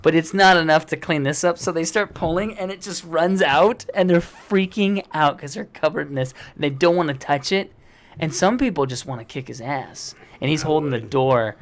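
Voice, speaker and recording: A man co-hosting a podcast in casual chat, an animated storyteller who acts out quotes. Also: a little high, normal speed. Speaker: podcast co-host.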